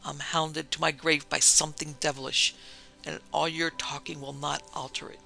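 A man reading aloud voices a haunted gentleman on the edge of hysteria in a storybook tale. He rants insistently and defends himself bitterly, his bright voice carrying a gravelly rasp and sitting slightly high. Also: level tone, moderate pace, faint music behind, heavily acted, poor audio. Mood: raving. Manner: agitated, raving, insistent.

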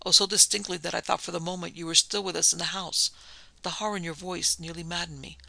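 A man reading the part of an anxious young suitor in a ghost story, speaking hoarsely and pleadingly. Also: fairly high pitch, steady tone, fast talker, bright, forceful tone, dry recording, exaggerated voice, poor audio.

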